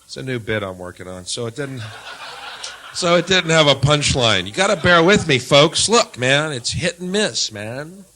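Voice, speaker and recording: Sardonic stand-up comic, bright lively voice. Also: male voice, normal speed, slight background noise. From United States. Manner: sardonic, swinging from low mutters to loud jabs. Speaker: stand-up comedian. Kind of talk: stand-up comedy set.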